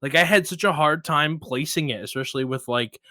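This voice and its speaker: A man hosting a relaxed interview chat, his voice bright and forward and recorded close and dry. He rambles casually and jumps high and loud when he acts out a story. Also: a little fast, dry recording. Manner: animated storyteller, rises high when retelling. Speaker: podcast host.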